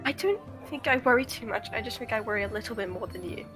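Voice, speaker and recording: A woman playing a tabletop game, speaking in character in a measured, wry way. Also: a little high, over music, poor audio. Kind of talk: casual in-character play.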